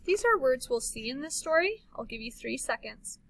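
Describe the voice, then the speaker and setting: A woman teacher leading a slow read-along lesson for young children, modeling each sentence clearly and turning lively on exclamations. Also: high voice, slight background noise, rough recording.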